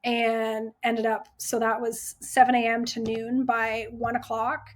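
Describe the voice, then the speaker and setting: A woman's voice: fairly high pitch, completely flat delivery, measured pace. A woman in her thirties, an ER nurse guest, telling her story candidly with emotion and many "like" fillers.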